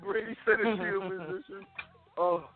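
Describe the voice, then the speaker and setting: A man's voice: high voice, steady tone, normal speed. A man co-hosting a radio talk show, teasing and mock-incredulous as he questions a caller. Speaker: radio co-host. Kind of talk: comedic radio banter. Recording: tinny phone-like line.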